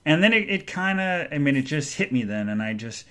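A middle-aged man hosting a podcast, telling a personal story in a halting, rambling way and often going quiet and emotional. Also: fairly high pitch, sing-song, smooth. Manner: rambling, halting, full of restarts. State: emotional, subdued when speaking of his mother. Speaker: podcast host.

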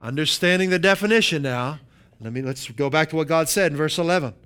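A man delivering a sermon with a smooth, resonant voice pitched a little high. He leans on key words, slowing down for emphasis and tossing out "right?" to the congregation. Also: a bit bright. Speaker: preacher.

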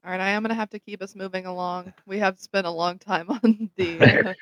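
A woman's voice: medium pitch, steady tone, brisk, fairly bright tone, no room sound. Woman hosting a casual news segment. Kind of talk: casual chat and reading articles aloud.

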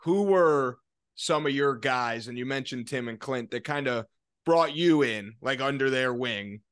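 A man's voice: mid-range voice, measured pace, fairly bright tone, smooth. A man hosting a podcast, asking the guest long, stacked interview questions. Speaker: podcast host.

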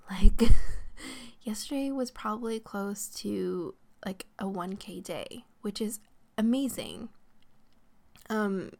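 Woman podcaster rambling casually, lots of "like" and little laughs, mid pitch, some vocal fry. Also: lively intonation, slow, a little mellow. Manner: chatty, laughs often, peppers speech with "like". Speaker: podcast host. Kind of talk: casual solo podcast talk.

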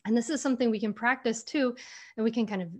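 Woman author chatting in an interview, a bit high voice, lots of like and you know. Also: fast. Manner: expressive storyteller, many fillers and restarts. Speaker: author, guest. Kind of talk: conversational interview.

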